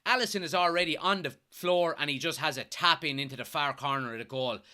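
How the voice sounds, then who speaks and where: Young male fan-host, bright, slightly high voice, partisan and excitable live commentary. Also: fairly quick, hardly any pauses. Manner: excitable, partisan, swears when thrilled.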